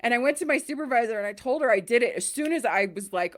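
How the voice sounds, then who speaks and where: A woman's voice: fairly high pitch, fast, hardly any pauses. A woman hosting a podcast, telling stories in a casual chat and acting out the voices she quotes. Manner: animated, acts out quoted voices. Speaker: podcast host.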